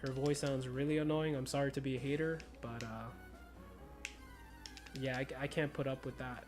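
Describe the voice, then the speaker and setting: A man's voice: medium pitch, steady tone, normal speed. Young American male streamer, slight Spanish-influenced accent, easygoing slang-heavy chatter, faint background music. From United States. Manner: laid-back, slangy, laughs often. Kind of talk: casual chat while gaming.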